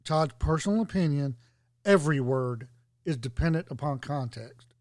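A man's voice: fairly high pitch, expressive, moderate pace, a little mellow, no echo, clean studio sound. A man chatting casually on a podcast, rambling and joking through digressions. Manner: rambling, jokey, digressive storytelling.

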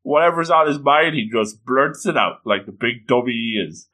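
A man's voice: mid-range voice, lively intonation, moderate pace, pushed and bright. A man reading a comic aloud and commenting, gushing with frequent exclamations. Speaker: comic reader and reviewer.

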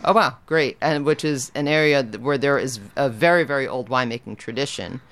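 A man's voice: medium pitch, a little fast, fairly bright tone, smooth. A man hosting a casual radio show in a studio, rambling and correcting himself as he talks. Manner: rambling, self-correcting, chatty. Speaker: radio DJ and host.

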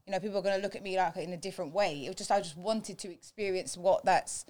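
A woman's voice: fairly low pitch, fast. A woman on a podcast panel, chatting casually, laughing and trailing off as she searches for words. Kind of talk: casual group chat. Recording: crowd noise behind.

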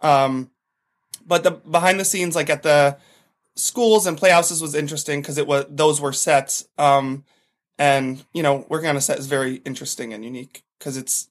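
A man's voice: a little high, fairly even intonation, moderate pace. A man talking as a podcast guest, a chatty storyteller who fills his talk with "like". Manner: chatty storyteller, heavy use of "like". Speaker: podcast guest, former TV extra. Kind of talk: casual chat.

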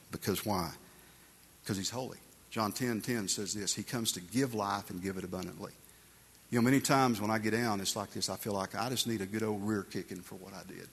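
Gravelly low-voiced guy preaching to a men's group, husky, big reverb hall. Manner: emphatic, conversational preaching with asides like "man" and "guys". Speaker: men's ministry speaker. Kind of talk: sermon to men.

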